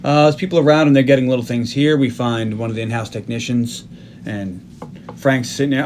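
Male podcast co-host, mid-pitched, animated storyteller who puts on voices for quotes, faint background noise. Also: brisk. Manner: animated, acts out quotes from scenes. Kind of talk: casual chat recapping a movie.

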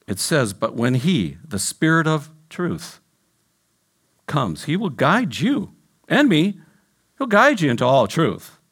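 A man preaching a sermon as pastor, questioning his congregation directly and dropping low and soft when he quotes scripture. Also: sing-song, slow pace, breathy edge.

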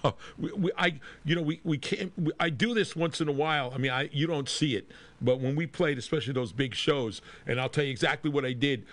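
A man's voice: on the high side, brisk, dry recording. A man who plays in a rock band, telling a rambling road story and laughing often in a casual podcast conversation.

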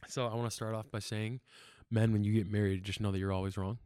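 A young man with a lowish voice talks through his faith story in an earnest, halting way. He is full of fillers and restarts. The sound is dry and close. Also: little pitch movement, mellow, smooth, dry recording. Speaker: church member sharing testimony. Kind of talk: casual testimony talk.

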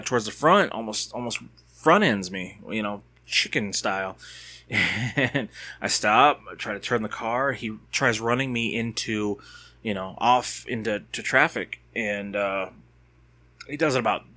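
A man's voice: medium pitch, pushed and bright. A man telling a personal story in a casual, rambling way, full of fillers and restarts. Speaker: father recounting a personal experience.

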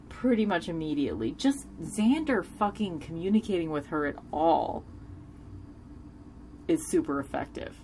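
A woman with a low, deep-set voice talks through a TV episode in a loose, unscripted way. She is frank and chatty, swears freely and leans on fillers as she goes, with faint noise sitting behind her. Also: poor audio. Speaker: TV episode reviewer. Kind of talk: casual spoken recap.

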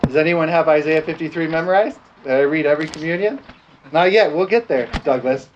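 A man's voice: a little high, a little fast, dull audio, noisy background. A man preaching a sermon and leading communion prayer, drawing out scripture words and calling for responses. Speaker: pastor.

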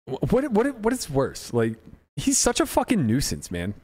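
Young man, casual profane banter, animated delivery. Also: on the high side, normal speed, background noise. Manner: swearing, teasing banter. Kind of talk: casual chat.

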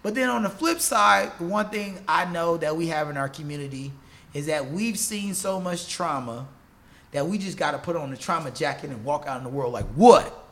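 A man's voice: a little high, normal speed. A man in his forties, a gym owner and Muay Thai trainer, telling stories as a podcast guest with lots of laughter. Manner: animated, laughing storyteller.

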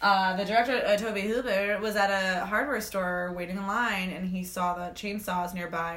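A woman's voice: medium pitch, fairly even intonation, normal speed, hardly any pauses, fairly bright tone. A woman co-hosting a casual movie chat, laid-back, swearing casually and laughing often. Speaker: podcast co-host. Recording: roomy echoey room.

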